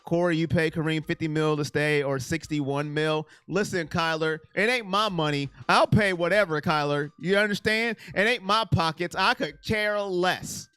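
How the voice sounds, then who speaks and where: Excitable high-voiced man streaming sports talk. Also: normal speed, hardly any pauses, smooth, no room sound. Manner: excitable, reads chat names aloud, swings from loud to mumbling. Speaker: sports livestream host. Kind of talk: casual live-chat commentary.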